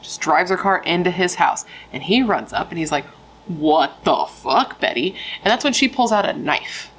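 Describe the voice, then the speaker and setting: A woman's voice: lowish voice, animated, fairly quick, fairly bright tone, a little hiss or hum, poor audio. A woman telling a true crime story in a casual, frank, chatty way, swearing freely and using lots of fillers.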